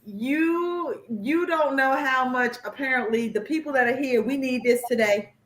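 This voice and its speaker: A woman's voice: high-pitched, measured pace, fairly bright tone. A woman podcast host chatting casually, exuberant and slangy, with lots of emphatic repetition. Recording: echoey room.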